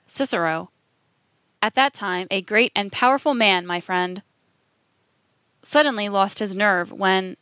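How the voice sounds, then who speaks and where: Lady reading a text aloud, slow and steady, super dry close sound. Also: medium pitch, no echo. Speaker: reader.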